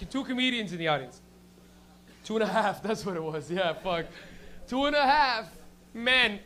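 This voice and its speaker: Swearing comedy host guy, high bright voice, rambles to the crowd at a small club. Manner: crude, rambling, swears a lot. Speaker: comedy show host and comic. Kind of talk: stand-up and crowd work. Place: small comedy venue with a live audience.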